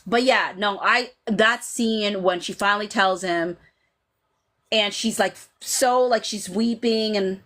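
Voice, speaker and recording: A chatty woman in her thirties hosts a casual live stream and answers the chat as she goes. She talks in an animated way, padded with "like" and "you know," and slips into dramatic quotes from the scenes she is describing. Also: medium pitch, takes it slowly. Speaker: podcast host reading live chat.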